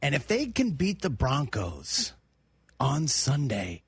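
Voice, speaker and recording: A man on a sports talk radio show, animated, walking through playoff scenarios step by step. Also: mid-range voice, takes it slowly, breathy edge, dry recording.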